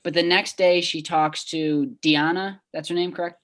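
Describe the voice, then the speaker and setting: Low-voiced young woman recapping. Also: steady tone, normal speed. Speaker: podcast co-host. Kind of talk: casual chat.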